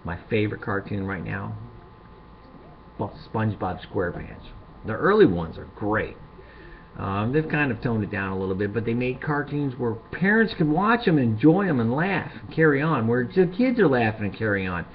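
A middle-aged man hosting a comedic monologue, rambling and crude, building to loud rants. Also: medium pitch, lively intonation, normal speed. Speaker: show host. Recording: dull lo-fi sound with faint hiss.

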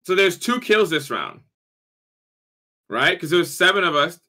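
Guy talking game strategy out loud, bright voice, a bit high. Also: big pitch swings, measured pace. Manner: reasoning out loud, explains vote logic. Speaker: game player. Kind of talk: casual gaming chat.

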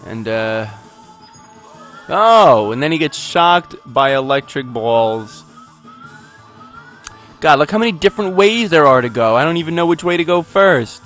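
Male gamer, higher pitch, rambly goofy commentary, sudden yelps, faint music behind. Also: animated, unhurried, pauses often, fairly bright tone. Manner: rambling, goofy, self-mocking, with sudden outbursts. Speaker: let's play gamer. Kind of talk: game commentary.

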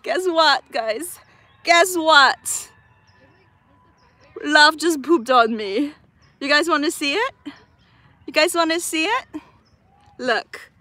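High-voiced woman live-streaming outdoors. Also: slow, pauses often, no room sound. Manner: animated, cooing baby talk to her bird; frequent laughter, excited exclamations. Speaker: parrot trainer, channel host. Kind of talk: casual live stream chat. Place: outdoors in open country.

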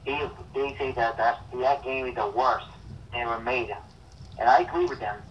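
A man's voice: medium pitch, fairly even intonation, slight background noise. Young man on a muffled distant line. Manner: halting, repetitive, blunt opinions. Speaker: co-host. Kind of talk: casual chat.

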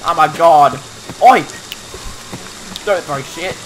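A man playing an online game with friends, shouting playful trash talk and laughing as he goes. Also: fairly high pitch, takes it slowly, slight background noise. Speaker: gaming YouTuber. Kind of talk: casual game chat.

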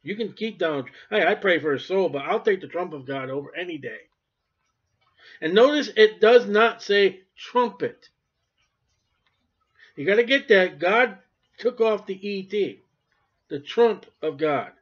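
A high-pitched man preaches a sermon, hammering points loudly and then dropping to near-murmurs. The recording is dull and lo-fi, with the top end rolled off. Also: lively intonation, measured pace, long pauses, breathy edge. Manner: emphatic, swings between loud and quiet.

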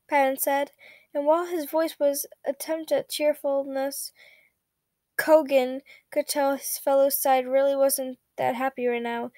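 A woman reads a story aloud in a high voice, at a steady pace with small slips she corrects as she goes. The sound is dry and close, with no room echo. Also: unhurried. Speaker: fanfiction reader.

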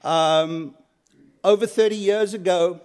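A South African man in his fifties moderates a panel at a lecture. His fairly high voice moves haltingly through introductions and memories, full of ums and uhs but earnest. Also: darkish tone, clear, resonant tone. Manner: many fillers, halting, earnest. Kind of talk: panel introductions and personal story. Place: lecture hall.

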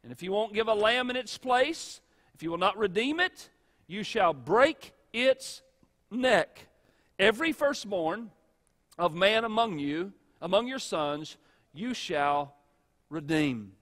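A man with a high voice preaches in a church sanctuary, leaning hard on key words and letting his delivery swing from loud to hushed. The hall adds a long reverb tail to every phrase. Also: lively intonation. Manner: emphatic preaching with dramatic pauses and shifts in loudness. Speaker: pastor. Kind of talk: sermon.

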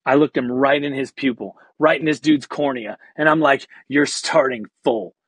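As a podcast guest, an actor and comedian tells a story in casual, slangy language, full of energy and acting out the voices he quotes. His medium-pitched voice is slightly rough, at a moderate pace with no echo.

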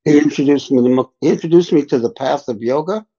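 In a podcast interview, an older man who is a spiritual teacher tells reflective stories unhurriedly. His voice is on the high side, dark in tone with a breathy edge, and he talks fast. The recording is dull and lo-fi.

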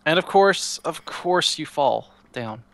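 A man's voice: fairly high pitch, animated, slow pace, vocal fry, fairly bright tone, dry recording. Guy rambling on while showing off a game server, stumbles and restarts a lot, dry close sound. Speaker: Minecraft server co-player. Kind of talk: casual gameplay chat.

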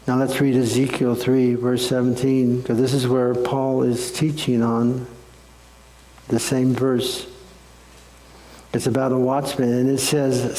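A man's voice: medium pitch, little pitch movement, takes it slowly, warm tone, roomy sound, long reverb tail, poor audio. A man, a pastor, preaching a sermon and telling a folksy story in a conversational way.

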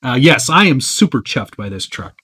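A man hosting a live Q&A stream in a relaxed, chatty way. He answers viewer questions as they come in, with a lot of ums and uhs and easy asides. His voice sits in an ordinary middle pitch. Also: normal speed, husky. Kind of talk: casual live-stream chat.

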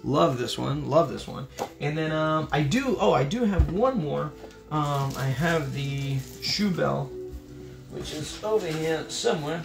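A man's voice: fairly high pitch, a little slow, creaky, music in the background. A young man, a voice actor, chatting casually with viewers on a livestream while signing autographs, laid-back and upbeat.

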